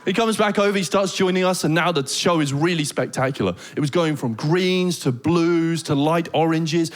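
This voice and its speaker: A stand-up comedian from Britain with a British accent, telling animated stories and laughing along. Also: male voice, on the high side, normal speed.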